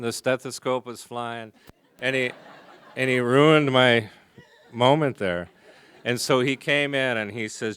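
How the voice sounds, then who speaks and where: A soft-spoken man from the American Midwest telling a wry personal story to a conference audience. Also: medium pitch, normal speed, clear, resonant tone, dry recording. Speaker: recovery meeting speaker. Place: conference hall before a live audience.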